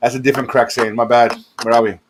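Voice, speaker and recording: Speaking quickly in a mid-range voice with little pitch movement, a man gives casual commentary over clips for his reaction video, with slight noise in the background. He chuckles, curses, and keeps wandering into rambling tangents.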